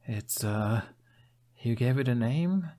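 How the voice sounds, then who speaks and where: Nervous young stranger as a male reader puts him on, thin-voiced, stammering, low and gravelly, audiobook. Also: slow, a little mellow, heavily acted. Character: pale nervous young man from far away. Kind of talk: fan fiction audiobook reading.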